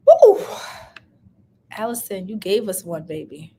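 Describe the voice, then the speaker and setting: A woman's voice: a little high, slow pace. A young adult woman hosting a live love and life chat, talking passionately and emotionally, near tears, repeating phrases for emphasis. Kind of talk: emotional casual live-stream talk.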